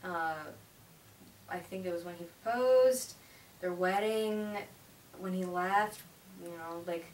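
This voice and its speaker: A woman's voice: lowish voice, takes it slowly, long pauses, a little mellow. A teenage girl reviewing a movie in a chatty, gushing way, with lots of "like". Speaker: vlogger. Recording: roomy, distant mic, faint hiss.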